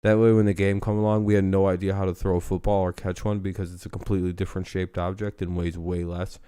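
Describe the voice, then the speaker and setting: A man's voice: low voice, level tone, fast talker, dark tone, smooth, no room sound, studio quality. A man hosting a casual live football news stream, joking and rambling with plenty of swearing.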